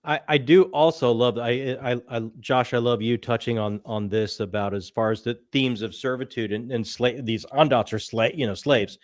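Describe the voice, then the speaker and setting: A man's voice: medium pitch, steady tone. Man host, earnest, stops and starts. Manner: earnest, halting, many restarts. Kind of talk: casual book discussion.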